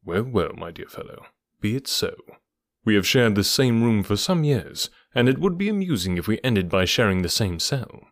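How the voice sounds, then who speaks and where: A man reading the part of a calm, cool-headed middle-aged detective in an audiobook, speaking in a measured, dryly assured, hushed way. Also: lowish voice, no echo, clean studio sound. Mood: firm, wry.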